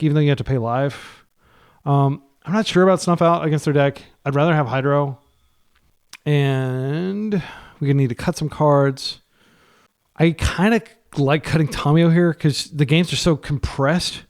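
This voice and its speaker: A man giving casual, running commentary while playing an online card game. He gets excitable, pleads with his deck, and his voice jumps up when he is frustrated. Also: mid-range voice. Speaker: card game player and channel host.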